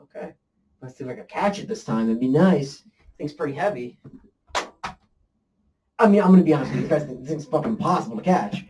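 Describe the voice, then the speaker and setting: A man's voice: on the high side, expressive, fairly quick, long pauses, a little mellow, far from the mic. A man co-hosting a casual movie podcast, laid-back and swearing casually. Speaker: podcast co-host. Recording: off-mic with faint room noise.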